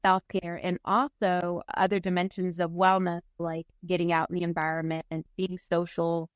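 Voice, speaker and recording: A woman's voice: lowish voice, flat delivery, moderate pace, hardly any pauses, clear, resonant tone, faint music behind. Enthusiastic woman guest therapist. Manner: enthusiastic, earnest. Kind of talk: casual chat.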